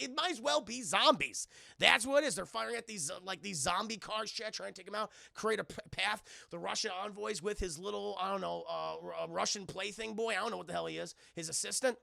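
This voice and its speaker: A man with a high, heavily gravelly voice tells a story to his live chat in a fast, profane, animated way. His tone is sharp and forceful, and the sound is dry and close on a desk mic. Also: no echo. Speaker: streamer reviewing a film. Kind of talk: excited spoiler recap to live chat.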